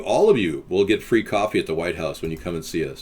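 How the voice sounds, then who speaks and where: Husky rambling talk-show man. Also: low-pitched, animated, quick pace, a little mellow. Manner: rambling, joking and teasing. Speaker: host. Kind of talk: live video chat talk show.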